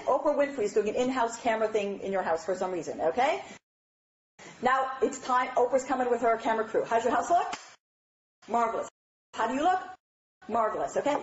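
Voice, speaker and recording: A woman giving a lively, chatty lecture on marriage, often checking in with her audience. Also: fairly high pitch, a little fast, pauses often, slight background noise. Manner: animated, chatty, asks "all right?" often. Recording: dull, roomy hall recording.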